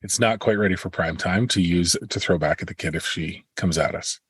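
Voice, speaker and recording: Dry-witted husky man co-hosting. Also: sits low, fairly quick, dry recording. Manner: dry teasing humor. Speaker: podcast co-host. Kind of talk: casual chat.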